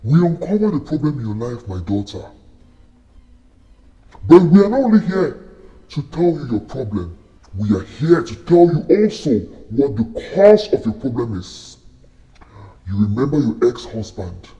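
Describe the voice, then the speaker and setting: A man's voice: mid-range voice, sing-song, a little slow, long pauses, mellow, lo-fi sound. A man voicing a grave ancestral spirit. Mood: solemn.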